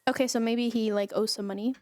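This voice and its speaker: A woman's voice: on the high side, fairly even intonation, quick pace, a little mellow, no room sound. A young woman hosting casual gameplay commentary, chatting to viewers with fillers and asides. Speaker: gaming channel host.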